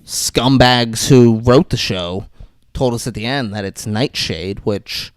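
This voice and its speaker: A man in a casual podcast chat who cracks sarcastic, profane jokes. His voice is smooth and clean, and it sits at a middle pitch for a man. The recording is dry, with no room sound. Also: slow pace, no echo. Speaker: podcast co-host.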